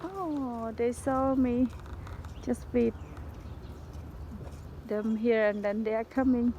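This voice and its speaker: A woman's voice: a little high, steady tone, slow, warm tone, lo-fi sound. A woman feeding stray animals at a pagoda, talking in simple English and cooing to the animals in a coaxing voice. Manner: simple non-native English, coaxing baby talk to animals. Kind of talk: casual vlog commentary. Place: outdoors at a pagoda. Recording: outdoor background noise.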